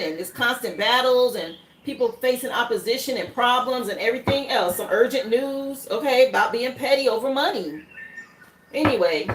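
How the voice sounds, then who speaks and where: A woman's voice: a little high, fairly bright tone. A woman giving a live tarot reading in a chatty, rambling way, laughing between points. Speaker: tarot reader. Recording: echoey room, faint background noise.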